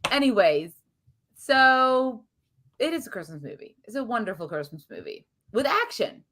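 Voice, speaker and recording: A woman's voice: on the high side, very animated, normal speed, fairly bright tone. A woman co-hosting a casual movie review chat, talking loosely and often hunting for the right word. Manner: searches for words, chatty, laughs often. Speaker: podcast co-host.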